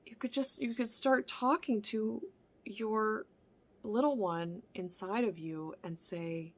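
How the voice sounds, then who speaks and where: Earnest woman with a gravelly edge. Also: medium pitch, takes it slowly, a little hiss or hum. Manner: earnest, often dropping to a soft whisper; repeats and restarts phrases. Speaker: wellness vlogger. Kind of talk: reflective personal monologue.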